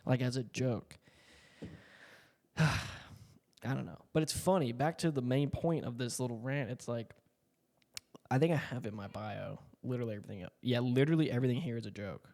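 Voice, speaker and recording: A young man from Puerto Rico riffs casually to the camera, swearing and piling on fillers and asides. His voice has a gravelly, fried texture at a middle pitch. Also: normal speed, pauses often, darkish tone, big-room sound. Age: 20s. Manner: slangy, profane, full of fillers and asides. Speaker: content creator. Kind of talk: casual rambling monologue.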